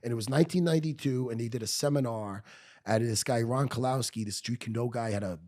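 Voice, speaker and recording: A man's voice: medium pitch, fast talker, a little mellow. A middle-aged man, telling a blunt, profane story as a guest in a podcast studio. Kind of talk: storytelling in conversation.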